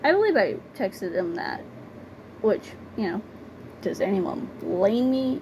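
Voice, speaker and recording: A woman's voice: medium pitch, very animated, slow pace, gravelly, noisy background. A young woman telling personal stories in a casual vlog, blunt and conversational, repeating words for emphasis. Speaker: storytime vlogger. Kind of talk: casual storytelling.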